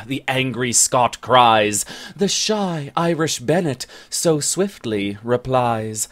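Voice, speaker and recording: Man, narrator, rhyming ballad, slow pace, animated intonation. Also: medium pitch. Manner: slow, lively storytelling.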